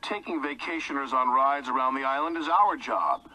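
A man's voice: mid-range voice, big pitch swings, moderate pace, sharp tone, far from the mic, a little hiss or hum, rough recording. A man voicing a jealous, grumbling male steam engine in a children's story, in a huffy, complaining manner.

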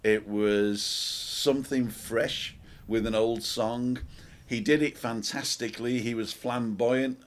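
Here the host has a medium-pitched voice and talks slowly. It's a casual talk show chat where he spins lively stories and mimics singers.

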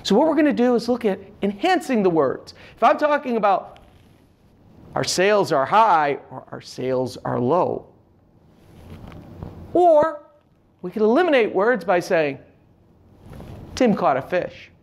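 Speaking at a measured pace with long pauses, this man's voice sits high. He gives an instructional talk to camera on public speaking, animated and emphatic with changing inflection, showing gestures as he goes.

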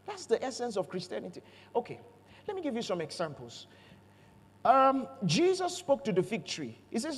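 High-voiced pastor preaching in a hall. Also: male voice, brisk, husky. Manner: animated, playful storytelling with jokes and call-outs to the congregation. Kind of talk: sermon. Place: church auditorium.

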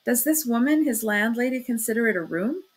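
A woman reads from a classic novel in a slightly high, expressive voice at a fairly quick pace. She portrays a nervous, fluttering older mother who talks timidly and flusteredly, exclaiming again and again.

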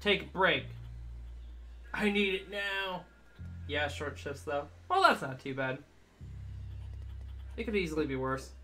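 A man's voice: a little high, lively intonation, normal speed, long pauses, pushed and bright, soft background music. A man streaming a game live, chatting casually with viewers and cooing at his dog in baby talk. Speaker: livestreamer.

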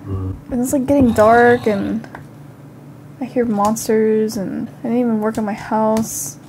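A woman's voice: fairly high pitch, animated, a little slow, a little mellow, slight background noise. A young woman doing casual gameplay commentary while slightly sick, chatting to herself and bursting into panicked outcries. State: slightly sick, occasional cough. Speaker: gaming channel host.

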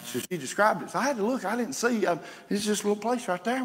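A man preaching a sermon as pastor, folksy and building to shouts. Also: sits high, animated, fast, long reverb tail, a little hiss or hum. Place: church sanctuary.

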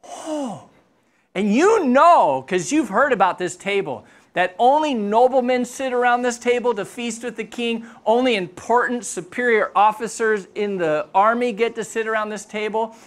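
A pastor, preaching a sermon through playful, animated storytelling. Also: mid-range voice, moderate pace, hardly any pauses. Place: church.

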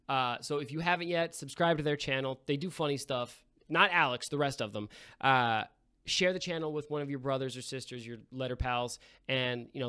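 A man's voice: mid-range voice, fairly bright tone, smooth, lightly acted. A man putting on a brash young fraternity bro reading a comedic sponsor plug, rambling and calling everyone bro. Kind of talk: comedic sponsor read in character.

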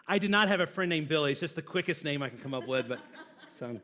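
A man's voice: on the high side, moderate pace, a bit bright. A middle-aged man, a pastor, preaching a sermon in a church with a humorous, conversational storytelling manner.

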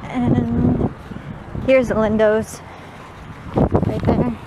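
A woman's voice: fairly high pitch, level tone, drawn-out words, very noisy. A young woman vlogging on a handheld camera, chatting casually and cooing in baby talk to her pets. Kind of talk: casual handheld vlog chat.

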